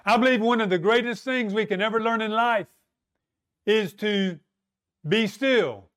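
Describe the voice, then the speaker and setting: A man preaching a sermon, slow and emphatic, asking rhetorical questions and leaning on dramatic pauses. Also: high-pitched, fairly bright tone.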